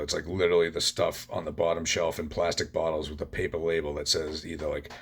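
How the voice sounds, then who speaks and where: A man's voice: low voice, creaky, breathy edge. A man hosting a podcast, telling his own recovery story in a blunt, profane way. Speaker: podcast host.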